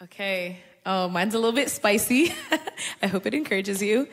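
A woman on a panel giving casual encouragement about faith in a playful, chatty way. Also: mid-range voice. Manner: playful and chatty, quick to laugh. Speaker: panel guest. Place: large hall at a live church gathering. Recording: long hall reverb.

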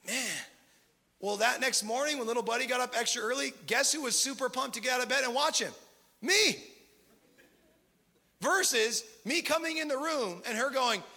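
A man preaching in a high, bright, tense voice with a gravelly edge. His sermon moves from casual talk to loud, passionate peaks. The hall gives a long, ringing reverb. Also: brisk. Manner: passionate, conversational preaching with rising emphatic peaks. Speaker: pastor.

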